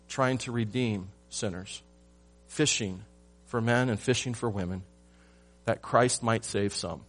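Slow-preaching pastor, man. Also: medium pitch. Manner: rhetorical questions, swings from loud emphasis to hushed. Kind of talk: sermon.

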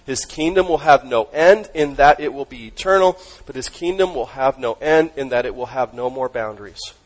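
A man preaching a sermon as pastor, emphatic, asking the congregation questions and dropping his voice low on key words. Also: normal speed, poor audio.

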